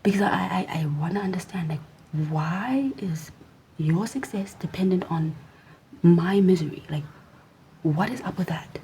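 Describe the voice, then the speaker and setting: A woman's voice: lowish voice, unhurried, mellow, slight background noise, rough recording. A young adult woman vlogger ranting in a sassy, mostly whispered voice to her camera.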